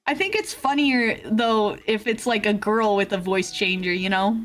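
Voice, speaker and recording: A woman's voice: a little high, normal speed, few pauses, a bit bright, faint music behind. A young woman streamer chatting casually with her viewers, giggling often and answering chat messages. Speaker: VTuber streamer.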